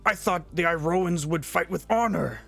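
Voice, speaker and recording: A man's voice: fairly high pitch, normal speed, creaky, fairly bright tone, soft background music, voice pushed up. A man voicing a sullen, proud male warrior in a tabletop game, brooding and curt.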